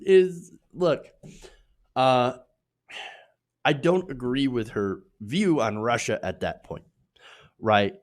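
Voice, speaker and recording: A man hosting a political commentary show, talking in an opinionated, animated way with many fillers and tag questions. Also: fairly high pitch. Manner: animated, opinionated, filler-heavy delivery with frequent "uh" and "right?".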